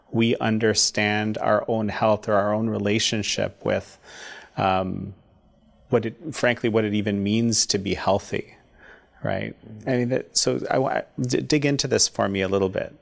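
A man's voice: on the low side, creaky. A man interviewing a guest, asking a loose, searching question with casual fillers.

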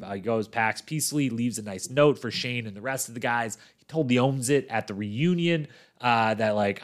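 A man hosting a casual recap monologue, telling the story with lots of fillers and acting out the people he quotes in livelier voices. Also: quick pace. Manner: animated storytelling, acts out quoted people with jumps in pitch, many fillers. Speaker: podcast host recapping a reality show.

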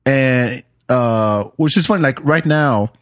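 A man's voice: medium pitch, slow pace, no room sound. Podcast host from Senegal, a man, mid-range voice, loose profane banter, dry booth. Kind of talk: casual podcast chat.

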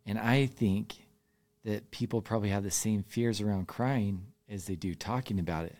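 A man's voice: lowish voice, normal speed, darkish tone. A man hosting a podcast interview, affirming and encouraging his guest. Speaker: podcast host. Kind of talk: interview conversation.

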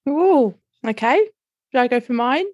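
A woman's voice: high-pitched, animated, normal speed, no room sound, dull audio. Giggly woman, dry close sound. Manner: giggly, swears for fun. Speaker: podcast co-host. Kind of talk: casual chat.

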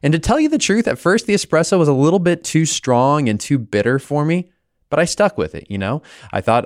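Here a US podcast host, his voice a little high and fairly quick, teaches Bible lessons conversationally while recounting a personal story. The storytelling is animated with small restarts, and the studio-quality recording carries no room sound.

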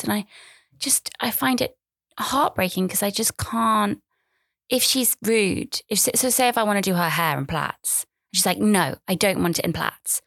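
A woman in her thirties hosts a podcast, rambling through a casual monologue in a chatty, self-deprecating way. Her voice is medium-pitched, gravelly, and a little bright, captured as clean studio sound with no room echo.

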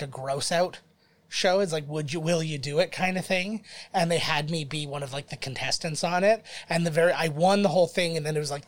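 Podcast co-host, young adult man, voice sits a touch high, rambling and jokey, quick impressions. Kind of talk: casual movie commentary chat.

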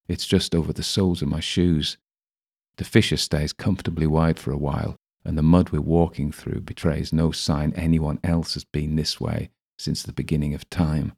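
A man narrating a first-person audiobook in a steady, even way. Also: rumbling low.

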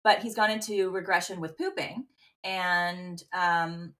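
A woman's voice: on the low side, steady tone, measured pace, pushed and bright. A woman in her thirties co-hosting a podcast, telling candid, rambling stories in casual chat and swearing freely. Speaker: podcast co-host.

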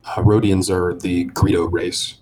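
Deep voiced guy gm-ing a tabletop game, slow descriptive narration, bit of faint noise. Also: little pitch movement, a little mellow. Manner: measured, descriptive narration with filler pauses. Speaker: game master.

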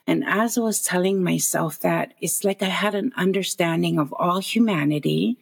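A woman's voice: lowish voice, normal speed, gravelly, hardly any pauses, husky. A woman in her forties telling a personal story as a podcast guest, earnest and emotional, often restarting her sentences. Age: 40s.

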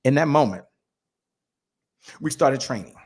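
A man's voice: mid-range voice, animated, a little slow, a little mellow. A man giving a fired-up motivational talk on a podcast, preaching with chants and call-and-response. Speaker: guest speaker. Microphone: remote call.

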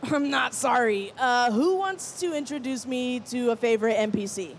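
A woman's voice: a little high, moderate pace, slight background noise. A woman game master moderating a convention panel, playful and teasing, laughing often. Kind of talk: casual panel chat.

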